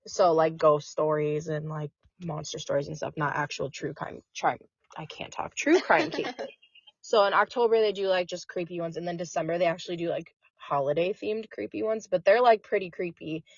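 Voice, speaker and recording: A woman's voice: lowish voice, normal speed, husky, no echo. A woman co-hosting a podcast in casual chat, talking freely and leaning on "like" fillers. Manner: chatty, heavy on "like" fillers. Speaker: podcast co-host. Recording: dry muffled lo-fi recording.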